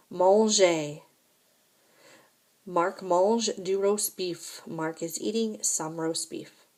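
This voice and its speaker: A woman teaching a recorded French lesson at an unhurried pace, explaining each point patiently and checking in with "right?" and "okay?". Her voice sits somewhat low.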